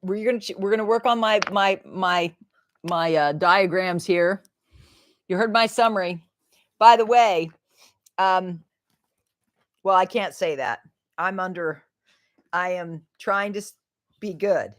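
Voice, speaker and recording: A woman's voice: lowish voice, unhurried, pauses often. A middle-aged woman hosting a casual livestream, chatting in a rambling way, laughing often and trailing off mid-sentence. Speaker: livestream host.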